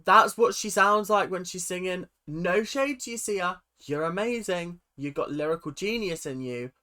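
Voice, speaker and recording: Bright-voiced, chatty man reacting. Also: moderate pace. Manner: chatty, animated, mimics reactions with sudden high outbursts. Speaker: reaction video host. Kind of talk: casual commentary. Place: his bedroom.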